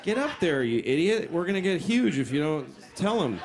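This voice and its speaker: A man's voice: medium pitch, a little fast, few pauses, noisy background. A man doing a crude stand-up bit, acting out his body parts talking to each other. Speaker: stand-up comedian. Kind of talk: stand-up set.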